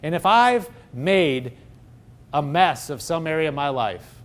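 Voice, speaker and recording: A man preaching a sermon, swinging from loud, excited exclaiming to low, hushed tones. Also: unhurried.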